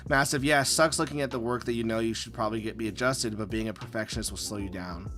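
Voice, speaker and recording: A man's voice: on the low side, quick pace, slight background noise. Rambling, profane male live streamer. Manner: rambling and profane, with many fillers; animated storytelling, acting out his own quotes. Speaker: live-stream host and comic artist. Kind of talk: casual live-stream chat while drawing.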